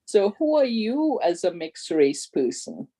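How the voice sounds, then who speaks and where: A woman's voice: on the low side, very animated, unhurried, dark tone, slightly rough, poor audio. A woman activist speaking earnestly and emphatically in a casual conversation, appealing directly to listeners.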